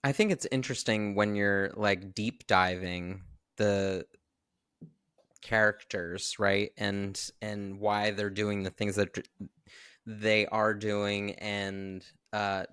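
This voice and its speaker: A man's voice: fairly low pitch, level tone, slow pace, a bit bright, clear, resonant tone, dry recording, clean studio sound. A man co-hosting a podcast in casual chat, with a laid-back way of talking. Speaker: podcast co-host.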